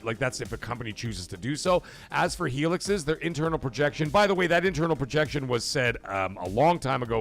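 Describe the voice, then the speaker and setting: A man's voice: mid-range voice, a bit bright. A man hosting a casual live gaming stream, blunt and profane, talking straight to his chat. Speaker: livestream show host.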